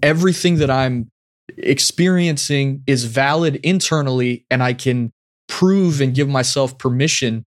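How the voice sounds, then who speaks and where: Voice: mid-range voice, measured pace. A podcast host answering a guest's story in an affirming, reflective way, speaking in long, flowing thoughts. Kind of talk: casual conversational reflection.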